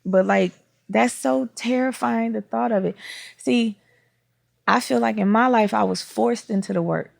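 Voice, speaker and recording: A woman's voice: a little high, measured pace, vocal fry, no echo, clean studio sound. A woman speaking as a podcast guest in casual, reflective conversation, often searching for words.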